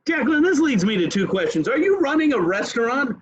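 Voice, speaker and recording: A man hosting a casual trivia chat, loud and joking, swearing freely. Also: very high-pitched, very animated, quick pace, slightly rough. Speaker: podcast host, trivia quizmaster. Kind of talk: casual bar-room chat. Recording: dull lo-fi recording.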